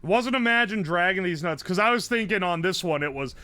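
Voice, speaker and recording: A man's voice: high-pitched, lively intonation, a little fast, few pauses, sharp tone. A man streaming live and chatting casually, rambling, swearing often, laughing a lot and humming tunes.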